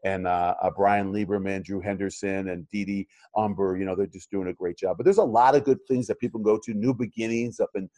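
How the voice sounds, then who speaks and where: A man's voice: fairly low pitch, fairly even intonation, fairly quick, few pauses, warm tone, dry recording. Rambling middle-aged man, dry sound. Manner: rambling, many fillers and restarts. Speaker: chiropractor and practice coach. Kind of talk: casual interview conversation.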